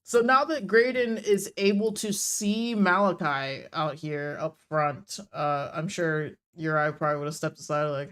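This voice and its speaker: A woman's voice: sits low, a little slow, hardly any pauses, fairly bright tone. A woman narrating a tabletop game as game master, in a casual, rambling way with fillers and laughs.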